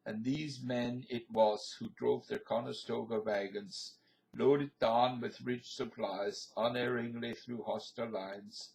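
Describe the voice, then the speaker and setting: A man reads a history passage aloud in a measured, declamatory way, as though telling a story. His mid-range voice has a gravelly, creaky texture. He keeps a steady, formal pace throughout. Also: medium pitch, poor audio.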